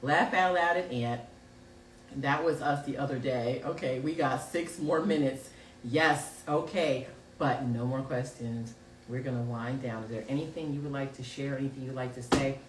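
A woman's voice: very deep voice, normal speed. A middle-aged woman hosting a casual live show, reading viewer comments aloud and laughing often. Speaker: host of a live call-in show. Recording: roomy, distant mic with faint background noise.

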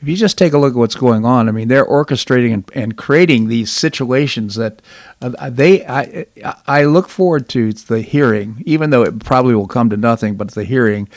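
A man hosts a talk show, offering commentary at a measured pace with occasional hesitant fillers. His mid-range voice sounds dry and close to the mic, with no room around it. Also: mid-range voice, a little mellow, no echo. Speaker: show host.

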